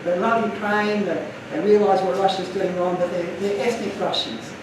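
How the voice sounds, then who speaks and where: Man giving a talk, earnest and emotional, high-pitched, recorded from afar in a reverberant room. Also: fairly even intonation, normal speed, noisy background. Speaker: speaker. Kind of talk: illustrated talk to an audience. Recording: echoey room from far off.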